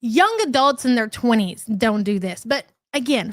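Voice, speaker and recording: A woman with a fairly high voice hosts a chatty livestream, sarcastic and scornful, breaking off to greet viewers by name. The sound is close and dry, with no room behind her. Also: lively intonation, measured pace, dry recording. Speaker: livestream commentary host. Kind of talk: casual livestream commentary.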